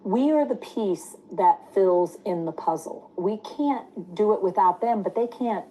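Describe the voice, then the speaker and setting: A woman's voice: mid-range voice, animated, measured pace, warm tone, a little hiss or hum, rough recording. Emphatic woman teaching dementia care. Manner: emphatic, acts out short apology phrases. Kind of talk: webinar teaching.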